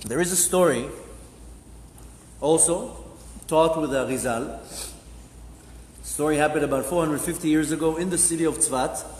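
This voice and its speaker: A fairly high-voiced rabbi tells a story to his class, acting out each character's lines with animation. He is recorded in a synagogue hall with a long, roomy echo and faint background ambience. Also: normal speed, pauses often, a little mellow, a little hiss or hum.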